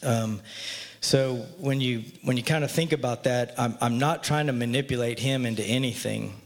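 A man's voice: medium pitch, moderate pace. Earnest man telling a story in a reverberant hall. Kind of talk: personal story in a faith talk. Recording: long reverb from a large hall.

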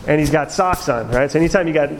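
A man telling his own testimony in a chatty, animated way, with many fillers and laughs. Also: a little high, quick pace, very noisy. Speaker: speaker sharing his testimony. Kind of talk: storytelling testimony talk.

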